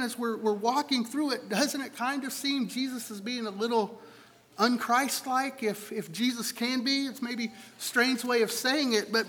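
High-voiced man preaching in a reverberant hall. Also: a bit bright. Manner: conversational, repeats words while thinking aloud. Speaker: pastor. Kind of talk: sermon.

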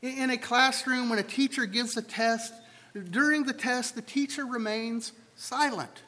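A man with a strikingly high voice delivers a sermon to a congregation. He talks conversationally, often stumbling and repeating words as he thinks aloud. His voice rings out with the long reverb of a large church sanctuary. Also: steady tone, measured pace, sharp tone. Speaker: pastor.

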